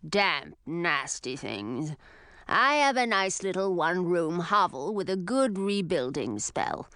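A woman voicing a grouchy, spiteful old female witch with a rough, gravelly, low growl. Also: sing-song, takes it slowly, fairly bright tone, dry recording, exaggerated voice. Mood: gruff. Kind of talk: audiobook character voice.

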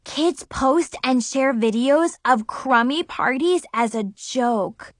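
A woman voicing Chloe, a dramatic teenage girl who gives grim, earnest warnings, in a slow, dry storybook reading. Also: high-pitched, no room sound. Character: teen girl best friend Chloe, dramatic.

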